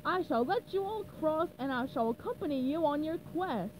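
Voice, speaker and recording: A woman voicing a booming, stern male knight who speaks slowly and formally in a storybook reading. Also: lively intonation, slight background noise, low-quality recording. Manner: slow, loud, old-fashioned speech.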